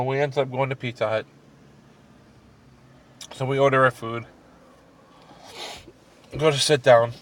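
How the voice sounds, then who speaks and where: A middle-aged man casually telling a true ghost story about his teenage years, acting out the other people's lines and laughing at his own story. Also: mid-range voice.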